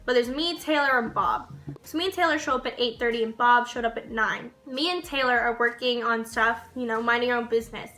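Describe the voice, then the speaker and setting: A young woman vlogger telling a story to camera in a casual, animated way, swearing and laughing as she goes. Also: on the high side, fairly quick, soft background music.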